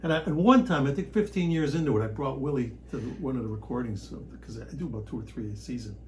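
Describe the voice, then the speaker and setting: A man who grew up around Chicago, an actor chatting as a podcast guest, telling stories in an animated way with bursts of loud excitement. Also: mid-range voice, fast talker, slight background noise, poor audio. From Chicago area, United States. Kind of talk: casual storytelling chat.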